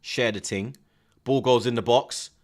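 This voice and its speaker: A man, hosting a live football watchalong, chatting in heavy street slang with the viewers and shouting at big chances. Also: mid-range voice, unhurried.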